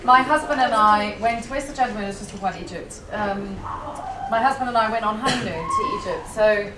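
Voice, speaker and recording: A woman actress on a convention panel, telling a lively anecdote, laughing often and acting out the people she quotes. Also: medium pitch, a little fast. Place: large convention hall. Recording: echoey hall, far from the camera, loud noise.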